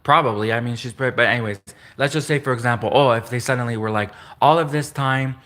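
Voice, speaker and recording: A man hosts a solo livestream, his voice bright and forceful at a middling pitch. He rambles along, restarting sentences and repeating phrases, and now and then chuckles at his own slips. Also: quick pace. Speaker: livestream host.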